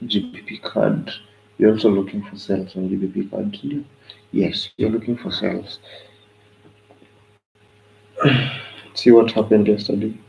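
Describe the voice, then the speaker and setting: Speaking in a lowish, gravelly, somewhat dark voice, this young man from Kenya walks through forex charts on a live stream in a chatty, relaxed way, sprinkling in Swahili. He's worn out and his voice is fading, so he goes a little slowly with even intonation and many pauses, over a low-quality recording.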